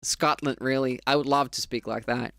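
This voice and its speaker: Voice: medium pitch, fairly even intonation, normal speed, a bit bright. A streamer from Finland with a Finnish accent and Finnish as a first language, chatting casually with viewers on a live speedrun stream, rambling and laughing often.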